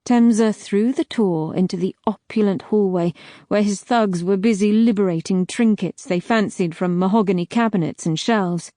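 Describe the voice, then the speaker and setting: A woman reading a dark fantasy audiobook in a slow, measured narration. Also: mid-range voice, no echo, clean studio sound.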